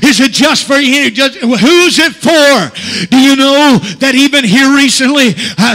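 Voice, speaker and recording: A man's voice: very high-pitched, sharp tone. A male pastor preaching a Pentecostal sermon, punctuating phrases with "uh" and calling out for amens. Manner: preaching with frequent "uh" fillers and calls for amen. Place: church sanctuary. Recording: long church hall reverb.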